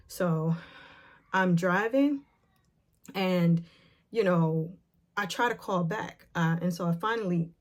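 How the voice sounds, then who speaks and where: A woman vlogger retelling a painful memory, emotional and nervous, with halting speech full of fillers and restarts. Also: on the low side. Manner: retells scenes by acting out the quotes. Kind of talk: personal storytelling to camera.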